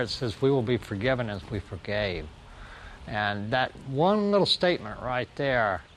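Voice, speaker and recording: A man, telling his own story of forgiveness in an earnest, slow way. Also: lowish voice. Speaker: testimony speaker. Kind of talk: personal testimony. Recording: music bed underneath.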